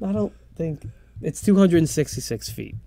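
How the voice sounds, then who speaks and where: A man co-hosting a podcast, excitedly improvising a comedic story and firing off rapid questions. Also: fairly high pitch, gravelly. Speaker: podcast co-host.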